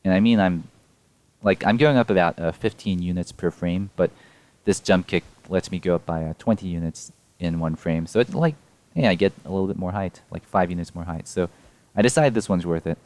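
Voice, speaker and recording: A man's voice: deep voice, fairly quick, darkish tone, dry recording. A young man casually explaining his game run frame by frame, rambling and correcting himself with small laughs. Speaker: speedrun player explaining a tool-assisted run.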